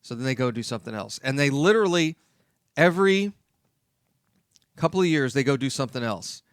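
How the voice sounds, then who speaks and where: A man's voice: mid-range voice, lively intonation, fairly quick, no room sound, clean studio sound. A man hosting a talk radio show, speaking emphatically and repeating his key points.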